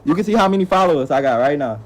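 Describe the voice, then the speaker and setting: A young man, a YouTuber, trolling a stranger on a video call in a loud, joking way, repeating his lines. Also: a little high, expressive, rapid-fire, a little hiss or hum. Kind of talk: casual video-chat trolling. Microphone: phone on video call.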